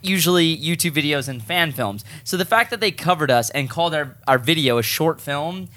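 Bright-voiced excitable man. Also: a little high, brisk. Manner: excitable, pleading. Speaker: co-host. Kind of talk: casual group chat.

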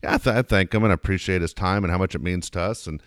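A man hosting a talk show, telling a profane, self-mocking story in a lively, animated way. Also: low-pitched, very fast, dry recording, clean studio sound. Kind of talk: casual anecdote storytelling.

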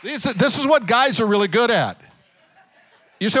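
A man preaching a sermon, telling a Bible story with lively asides and putting direct questions to his congregation. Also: very high voice, moderate pace, dry recording, a faint crowd. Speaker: pastor.

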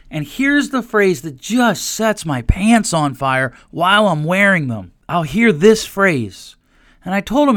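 A man's voice: sits high, normal speed, no room sound, clean studio sound. Emphatic man hosting a solo podcast. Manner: animated, emphatic, repeats words when worked up. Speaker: podcast host and therapist.

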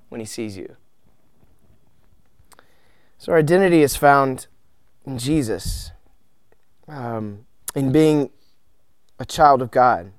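A man in his thirties preaching a sermon, earnest and emotional, tearful at times, with soft trailing asides. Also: fairly high pitch, no echo, studio quality. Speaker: pastor.

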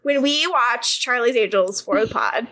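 A woman's voice: a little high, animated, unhurried, pushed and bright. A woman co-hosting a podcast, chatting casually and laughing often as she acts out characters' lines. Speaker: podcast co-host. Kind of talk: casual chat recapping a TV episode.

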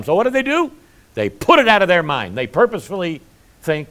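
A man's voice: fairly high pitch, huge pitch swings, a little fast, a bit bright. A middle-aged male pastor preaching a sermon, with folksy asides between his points.

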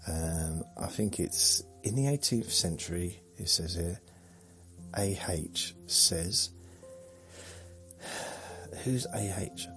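A man's voice: sits low, animated, slow pace, pauses often, fairly bright tone, faint music behind. A man hosting a sleep podcast, rambling through a monologue in a meandering, dry, self-mocking way. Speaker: podcast host.

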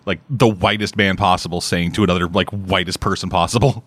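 A man's voice: sits low, quick pace, fairly bright tone, no echo, studio quality. A playful man teasing and laughing as he chats while watching a show. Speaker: co-host of a watch-along.

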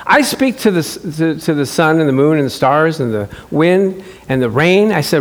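A male pastor preaching, playful and animated, acting out scenes for his church. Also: fairly high pitch, moderate pace, few pauses. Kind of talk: sermon.

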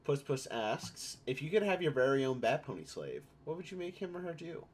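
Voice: medium pitch, big pitch swings, brisk, darkish tone, husky. A podcast co-host reading listener questions in a playful, jokey way. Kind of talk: casual chat.

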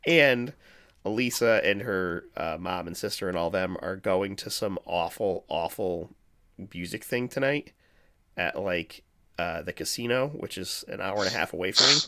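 A man's voice: low voice, normal speed, sharp tone. A man hosting a podcast in casual chat, laughing often and swearing freely. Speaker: podcast host.

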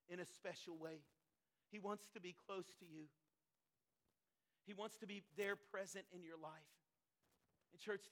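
A man's voice: high voice, a bit bright. A man delivering a sermon as a pastor to his congregation, building intensity with repeated phrases.

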